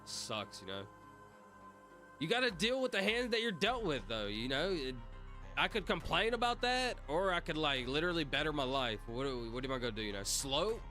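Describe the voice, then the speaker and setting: A young man talks casually on a livestream, slangy and reactive as he answers his chat. His voice is bright, pitched a little high and swings widely. Faint music plays underneath. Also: very animated, moderate pace. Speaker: streamer.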